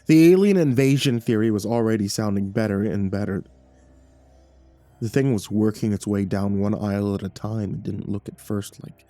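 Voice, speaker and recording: Male horror narrator with a warm, dark tone; reads slowly and dramatically over quiet music. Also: fairly low pitch. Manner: measured and dramatic, with nervous stammered repeats. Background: faint background music.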